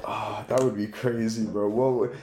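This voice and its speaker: A man's voice: on the low side, fairly even intonation, moderate pace, dark tone, slight background noise. A young man hosting a casual podcast chat, laid-back and swearing freely, calling his guest bro. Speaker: podcast host.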